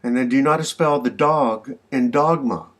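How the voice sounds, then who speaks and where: A man voicing a frustrated young grocery clerk who keeps his voice high and pleading. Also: moderate pace, close to an everyday voice. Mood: exasperated.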